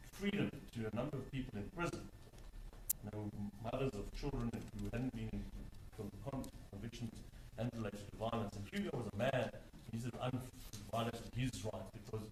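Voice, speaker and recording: A man's voice: on the low side, darkish tone. A man arguing a legal case before a court, emphatic, stressing and repeating key words. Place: large courtroom. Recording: echoey courtroom, distant mic, faint hum.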